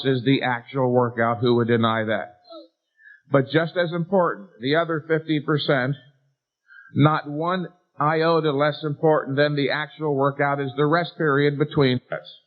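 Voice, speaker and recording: A middle-aged man giving a bodybuilding seminar lecture, emphatic and lecturing, with rhetorical questions to a live audience. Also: mid-range voice. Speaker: seminar speaker. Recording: tinny lo-fi 1990s lecture recording.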